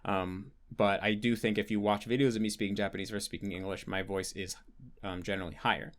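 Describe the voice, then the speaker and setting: A man's voice: on the low side, flat delivery, quick pace. A young man hosting a casual question-and-answer session, explaining at length with frequent restarts and fillers. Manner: rambling, restarts with many likes, explanatory. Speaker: host answering patron questions. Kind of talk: casual Q&A monologue.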